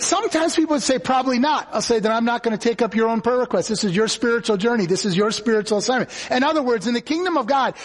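A male guest pastor preaching a sermon in a church, telling stories and acting out quotes in a lively, conversational way. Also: high voice. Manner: conversational, animated storytelling with acted quotes. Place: church sanctuary. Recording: church hall reverb.

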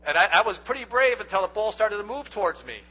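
This preacher's voice sits high and sounds a touch rough, quick and full of expression. He speaks straight to his congregation with sincerity, telling homespun stories, on a muffled lo-fi recording.

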